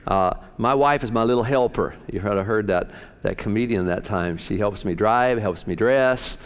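A man's voice: on the low side, normal speed, smooth. A male pastor preaching in a folksy, joking, conversational way, telling stories. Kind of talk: sermon.

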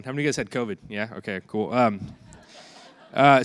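A man's voice: medium pitch, fairly quick, a bit bright, dry recording, studio quality. A man, in his thirties, preaching a chatty, conversational sermon with a stuffy nose and many fillers and restarts. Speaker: pastor.

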